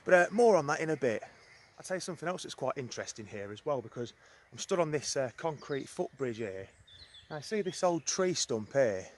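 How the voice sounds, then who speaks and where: A man's voice: mid-range voice, big pitch swings, fairly quick, slight background noise. A man, chatting and rambling with curiosity as he walks outdoors filming a local history tour. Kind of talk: casual walking tour narration. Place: outdoors on a woodland trail and in caves.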